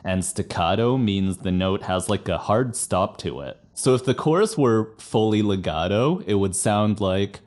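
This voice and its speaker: Man, music reaction commentary, casual and self-deprecating, lively intonation. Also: on the low side, measured pace, few pauses. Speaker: rock singer reviewing songs.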